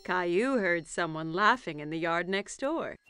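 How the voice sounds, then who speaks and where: A woman narrating a preschool cartoon in a gentle storybook manner. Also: lowish voice, lively intonation, measured pace, soft background music.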